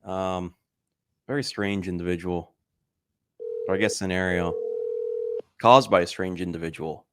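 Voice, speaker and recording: A young man co-hosting a podcast in casual chat, with dry, deadpan remarks. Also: deep voice, unhurried, very noisy. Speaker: podcast co-host.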